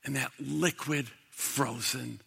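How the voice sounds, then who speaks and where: A man preaching a sermon to a congregation, dramatic, swinging from loud to hushed. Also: medium pitch, steady tone, takes it slowly, vocal fry, slightly rough. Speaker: pastor. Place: church sanctuary. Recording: long hall reverb.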